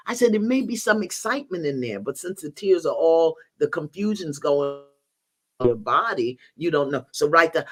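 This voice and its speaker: A woman's voice: lowish voice, lively intonation, normal speed. An older woman, a guest teacher in a spiritual conversation, telling stories expressively, acting out bits of dialogue and laughing often.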